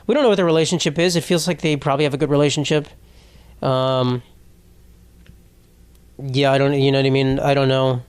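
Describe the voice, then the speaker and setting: A man's voice: mid-range voice, steady tone, fairly quick, pauses often, smooth. A young man hosting a solo podcast, rambling casually with lots of swearing and jokes. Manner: rambling, profane, jokey. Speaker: podcast host.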